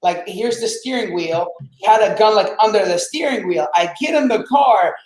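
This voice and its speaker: A man whose first language is Arabic, telling his story as a podcast guest in a lively, swearing, casual way and acting out quotes. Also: high voice, normal speed, reverberant, low-quality recording. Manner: animated, swears, acts out quotes.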